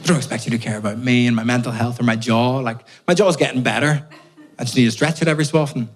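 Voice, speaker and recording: A man's voice: medium pitch, steady tone, fast talker. A man from Belfast with a Northern Irish accent, telling anxious, profane, self-mocking stories in a stand-up set. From Belfast, Northern Ireland. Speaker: stand-up comedian. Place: comedy club stage with live audience. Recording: live stand-up with audience laughter.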